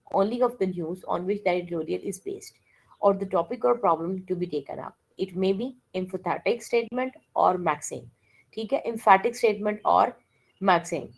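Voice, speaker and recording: A woman's voice: medium pitch, gravelly, a little mellow, rough recording. A woman giving a classroom lecture, mixing languages and often checking with "okay?". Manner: code-switches and keeps checking with "okay?".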